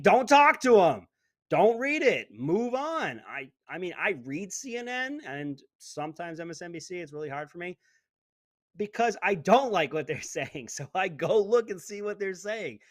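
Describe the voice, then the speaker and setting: A middle-aged man hosting a casual live stream from his home studio, talking to viewers in the chat and turning sarcastic, with sudden swings between loud and quiet. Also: a little high, dry recording. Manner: animated, talks to viewers in the chat. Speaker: livestream host.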